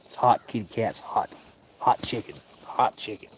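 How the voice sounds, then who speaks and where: A man with a low, easygoing voice chats casually on an outdoor livestream. He talks softly and folksily to his cats between remarks, with a faint noise underneath. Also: moderate pace. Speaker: cat sanctuary livestream host. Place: outdoors by a cooking fire.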